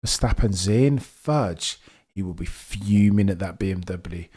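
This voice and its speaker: A young man with a Birmingham accent, hosting a live race watchalong stream in a chatty, excitable way, answering viewers as he goes. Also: low voice, unhurried, husky. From England. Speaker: livestream host. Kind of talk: casual live race commentary.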